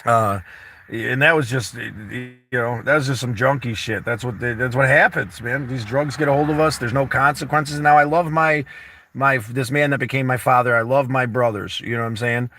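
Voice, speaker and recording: Rambling, bright-voiced man chatting casually. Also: mid-range voice, normal speed, slight background noise. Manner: rambling and candid, full of "you know" and swearing. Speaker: vlog host chatting with friends. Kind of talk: casual chat. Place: inside a camper van over coffee.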